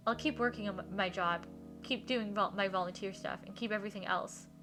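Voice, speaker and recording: A woman reading aloud the quiet lines of a gentle, troubled young man in a game. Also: mid-range voice, steady tone, fairly quick, over music, close to an everyday voice. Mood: subdued. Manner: quiet, subdued reading of dialogue.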